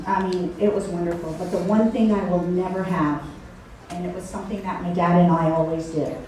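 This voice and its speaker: A woman's voice: medium pitch, dark tone, slight background noise. A woman in her fifties with a Cincinnati accent giving a heartfelt, emotional acceptance speech at a podium, telling stories and now and then choking up. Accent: Cincinnati, Ohio. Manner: heartfelt, storytelling, voice catching with emotion. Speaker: hall of fame inductee giving a speech. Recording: very echoey hall, mic far off.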